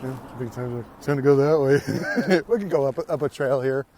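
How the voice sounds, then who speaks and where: A man's voice: medium pitch, normal speed, slight background noise. A young man chatting on a walk through a park, telling stories with lots of swearing and acted-out reactions. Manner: animated storyteller, swears a lot, acts out his own reactions. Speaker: podcast guest. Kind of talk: casual chat on a walk. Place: outdoors on a park hiking trail.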